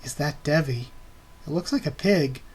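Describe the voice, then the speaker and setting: A man hosting a live reaction to a webcomic, excitedly gushing and laughing as he reads. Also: a little high, moderate pace, husky.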